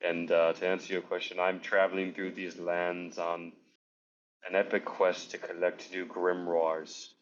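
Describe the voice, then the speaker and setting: Man playing a pompous wizard: very deep, grandiose; muffled lo-fi recording. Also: monotone, unhurried. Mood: grand, boastful. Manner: pompous, self-important.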